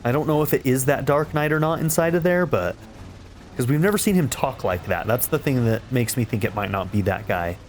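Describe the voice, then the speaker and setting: A man's voice: medium pitch, animated, brisk, a little hiss or hum. A man hosting a let's play, casually commenting on the game and reacting to story scenes. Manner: swears loudly in mock outrage at the villain; reads in-game dialogue aloud and reacts.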